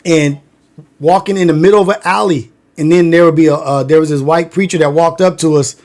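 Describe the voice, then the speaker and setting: A man's voice: a little high, steady tone, fairly quick, a little mellow. A man from Long Beach, California, telling wild stories from his youth in loose, slangy livestream chat full of fillers. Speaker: livestream host. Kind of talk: casual storytelling livestream.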